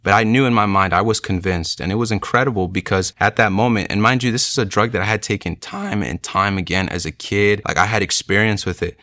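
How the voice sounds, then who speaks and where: Young man, low voice, bright forceful tone, dry close sound; earnest personal testimony, casual filler words. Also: fairly quick, few pauses, dry recording. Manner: earnest, reflective, with frequent "like" and "you know". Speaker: speaker sharing a conversion testimony. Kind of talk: personal storytelling.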